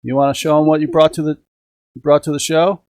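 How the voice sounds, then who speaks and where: A man's voice: fairly high pitch, little pitch movement, a little fast, darkish tone, dry recording. Upbeat dry-sounding middle-aged man. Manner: chatty, upbeat, talks to viewers and the chat. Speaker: host of a radio-control hobby live stream. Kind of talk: casual live-stream chat. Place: home indoors.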